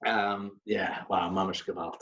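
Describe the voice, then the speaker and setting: A man co-hosting a podcast, chatting casually and telling stories in an animated way, with Yiddish phrases mixed in. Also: deep voice, unhurried, a little hiss or hum. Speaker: podcast co-host. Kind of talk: casual chat and storytelling. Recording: slightly muffled audio.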